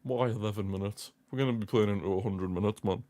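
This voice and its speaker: Young male streamer, slightly low voice, nervy live match commentary full of exclamations. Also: fast, dark tone. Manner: anxious, pleading, exclamatory. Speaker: streamer hosting a football watchalong.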